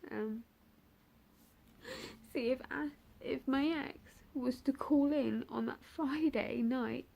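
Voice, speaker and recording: A young woman recounts a painful memory to her camera, her voice husky and mellow with a gravelly edge. She speaks haltingly, circling back and filling pauses as the emotion rises in her talk. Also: sits high. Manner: halting, hesitant, with many fillers and restarts; emotional and raw. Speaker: bereaved mother telling her story. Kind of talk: personal vlog storytelling.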